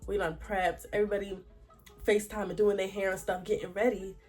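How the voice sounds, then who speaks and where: A young woman telling a storytime vlog in a chatty, slangy, expressive way. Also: mid-range voice, a little fast, faint music behind. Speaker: vlogger.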